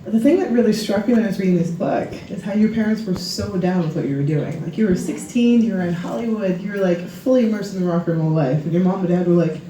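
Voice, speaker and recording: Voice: mid-range voice, quick pace, few pauses, warm tone, slight background noise. An interviewer asking admiring, enthusiastic questions on stage. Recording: echoey room from far off.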